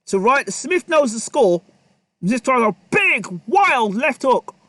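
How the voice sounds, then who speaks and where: High-voiced excitable boxing commentator. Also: male voice, slow, no room sound. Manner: excitable, repetitive, talks to the fighters. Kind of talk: live play-by-play commentary.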